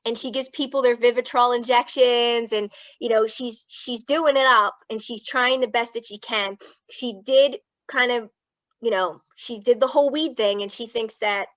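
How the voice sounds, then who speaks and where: A woman's voice: on the high side, steady tone, normal speed, fairly bright tone, dry recording, lo-fi sound. Frank, casual woman with a Philadelphia accent. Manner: emotional, tearful at times, frank and casual. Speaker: guest speaker, clinical psychologist. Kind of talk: candid personal storytelling.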